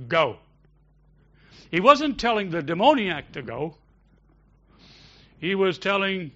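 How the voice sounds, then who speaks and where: A man preaching a sermon as pastor of a church, shifting between loud emphatic declarations and quiet storytelling. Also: a little high, lo-fi sound.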